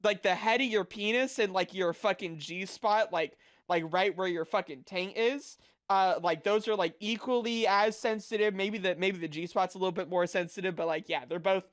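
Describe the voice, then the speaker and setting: A man's voice: sits high, moderate pace, hardly any pauses, fairly bright tone. A young man streaming as a VTuber, chatting casually with viewers in a rambling, crude, flustered way full of fillers.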